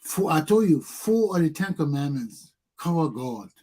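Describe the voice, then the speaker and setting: A man hosting a talk show who discusses scripture in a preachy, animated way and acts out the quotes he cites. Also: fairly high pitch, moderate pace, slightly rough. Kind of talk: casual religious discussion.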